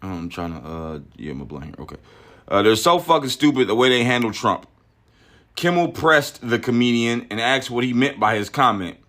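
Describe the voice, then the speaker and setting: A man's voice: medium pitch, normal speed, a bit bright. Ranting, profane male podcast host. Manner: profane, ranting, stumbles and repeats words. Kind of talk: opinionated political commentary.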